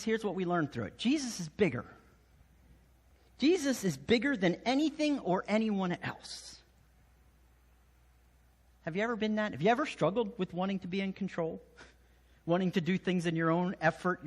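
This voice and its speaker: A man preaching a sermon in a church sanctuary, his voice set fairly high and swinging widely in pitch. He acts out voices, then drops to a hush. His words ring out in a long church reverb. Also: moderate pace, long pauses. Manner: animated storytelling, acting out voices with sudden drops to a hush. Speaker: pastor.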